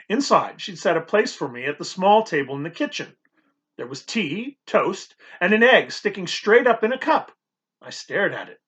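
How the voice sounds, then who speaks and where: A man narrating an audiobook in the first person, expressive and nervous in tone. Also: sits high, moderate pace, highs cut off.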